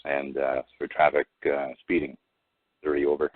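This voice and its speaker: Very deep-voiced man calling in by phone. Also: monotone, husky. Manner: rambling, halting, full of fillers and restarts; retells exchanges by quoting both sides. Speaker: caller. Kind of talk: casual storytelling on a call-in show. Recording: tinny phone line, dry.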